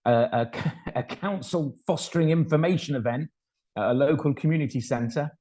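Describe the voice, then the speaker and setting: A man's voice: fairly high pitch, normal speed, mellow. Chatty middle-aged man telling stories. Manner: chatty and self-deprecating, acts out dialogue, frequent fillers. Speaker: foster carer telling his story. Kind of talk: anecdotal storytelling talk.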